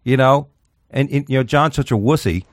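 A man's voice: mid-range voice, brisk, no room sound, clean studio sound. A man hosting a podcast in casual chat, rambling and profane as he tells stories. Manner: profane, rambling, animated storytelling. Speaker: podcast host.

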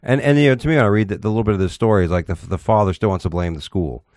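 Blunt, gravel-free low-voiced male host. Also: very fast, a little mellow, no echo, clean studio sound. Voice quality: profane, blunt, reads news with stumbles. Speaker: show host reading news stories. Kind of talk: casual talk-show banter.

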